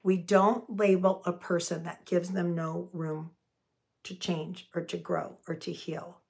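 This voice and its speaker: A woman's voice: lowish voice, little pitch movement, unhurried, gravelly, darkish tone. A woman teaching communication skills in an earnest, spoken lesson, acting out short example phrases as she goes. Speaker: communication coach.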